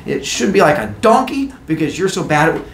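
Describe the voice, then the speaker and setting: A man's voice: on the high side, very animated, brisk, roomy sound, slight background noise. A man doing a sneering music teacher. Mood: scornful. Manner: sneering, insulting. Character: mocking male music teacher, scornful.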